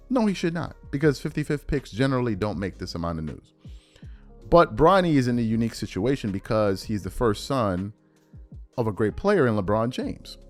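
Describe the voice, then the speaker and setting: Guy podcaster ranting about basketball, keeps repeating himself, lively up-and-down voice. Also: medium pitch. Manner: emphatic, repetitive, animated. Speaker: podcast host. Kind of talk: commentary reacting to a sports clip.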